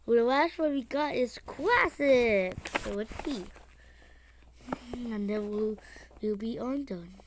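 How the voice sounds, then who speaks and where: High-voiced, slow-talking woman gamer. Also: noisy background. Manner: excitable, sing-song chatter with yelps. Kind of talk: mobile game commentary.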